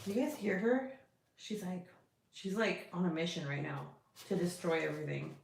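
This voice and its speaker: A woman's voice: lowish voice, expressive, moderate pace, creaky. A woman hosting a casual crafting livestream, rambling and swearing freely as she chats with viewers. Her voice carries a roomy echo with a faint hiss of background noise underneath. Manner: chatty and profane, talks to her cat between thoughts. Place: indoor room at her craft desk.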